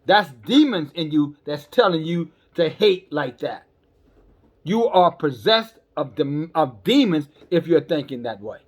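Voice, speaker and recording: A male preacher with a notably high voice delivers a fiery sermon. He is blunt and scolding with his listeners and keeps stumbling over repeated words. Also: lively intonation, unhurried. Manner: scolding, calls listeners sisters and brothers.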